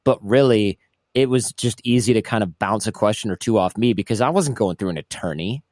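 Man, casual storytelling, animated quoting, frequent restarts, dry close sound. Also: lowish voice, fairly quick, no echo. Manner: animated, acts out quoted voices, restarts often. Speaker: guest recounting his past.

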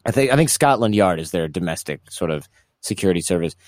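Man telling a story, quoting people in lively voices. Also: sits low, fast talker, no room sound, clean studio sound. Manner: animated, acts out quoted voices, restarts often. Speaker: guest recounting his past. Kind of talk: casual storytelling interview.

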